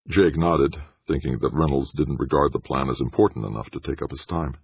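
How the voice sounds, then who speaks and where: A man narrating an audiobook in a steady, scripted storytelling manner. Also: a bass voice, fairly quick, creaky, few pauses, husky, dry recording. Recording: dull dry studio sound.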